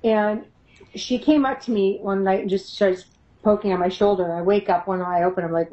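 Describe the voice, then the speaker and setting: In a low-quality recording, a middle-aged woman with a medium-pitched, dark-toned voice talks at a moderate pace about her paranormal investigation work. It's a casual interview, and she tells her stories animatedly, laughing often and acting out the voices she quotes.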